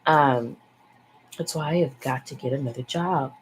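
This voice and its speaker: A woman's voice: extremely low pitch, moderate pace, low-quality recording. A young woman vlogger chatting in a frank, rambling way, sighing and swearing freely. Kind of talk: casual rambling chat. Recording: faint background noise.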